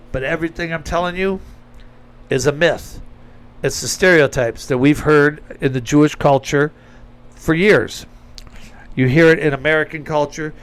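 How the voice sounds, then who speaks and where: A man's voice: a little high, clean tone. A man giving a blunt, emphatic opinion monologue with sarcastic asides, talking straight to his audience. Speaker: commentator.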